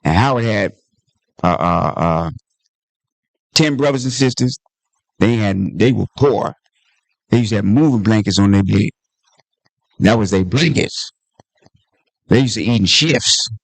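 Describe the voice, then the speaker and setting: Dc comedian telling stories, gravelly low voice, jumps into character voices. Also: male voice, a little slow, long pauses, no room sound. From Washington, D.C. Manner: animated storyteller, acts out voices in anecdotes. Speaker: comedian and author at book talk. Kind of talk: storytelling in conversation.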